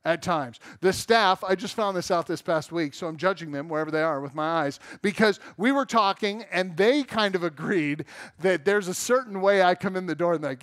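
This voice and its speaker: High-voiced candid preacher man. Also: normal speed, a bit bright, no echo, clean studio sound. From Southern California. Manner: candid, self-mocking, acts out quoted voices. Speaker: pastor. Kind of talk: sermon. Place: church sanctuary.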